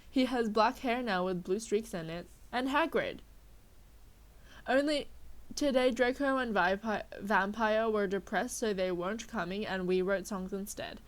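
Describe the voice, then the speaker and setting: A young woman with a sore throat giving a mock-dramatic comedic reading, breaking off for exasperated, sarcastic asides. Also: mid-range voice. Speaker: dramatic reader of a fanfic.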